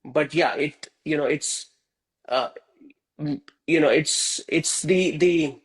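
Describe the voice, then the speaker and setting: A man's voice: a little high, slow pace, rough recording. Patient male teacher. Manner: patient, checks in often with "right?" and "okay?". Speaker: Hindi teacher. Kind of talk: live online class.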